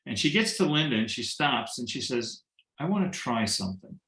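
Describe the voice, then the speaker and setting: A man's voice: mid-range voice, moderate pace, roomy sound, poor audio. A man telling a personal story on a video call, acting out the dialogue and joking along the way. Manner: animated storyteller who acts out quoted dialogue and jokes. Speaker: guest sharing a testimonial.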